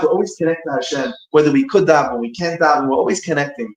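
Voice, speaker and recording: Man with a fairly high voice, giving an informal, rambling talk; echoey room. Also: fast, hardly any pauses. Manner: rambling, searching for words, many restarts. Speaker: speaker giving a short talk between prayers. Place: synagogue room.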